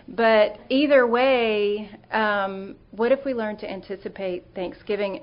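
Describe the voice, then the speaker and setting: A woman's voice: medium pitch, dull audio. A middle-aged woman giving an earnest, conversational sermon talk, telling stories with fillers and restarts.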